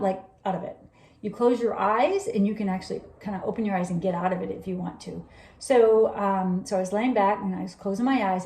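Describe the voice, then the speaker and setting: Chatty woman telling a story, roomy echo. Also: mid-range voice. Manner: animated, rambling, laughs often, acts out quoted dialogue. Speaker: vlogger recounting a personal experience. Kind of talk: casual storytelling monologue.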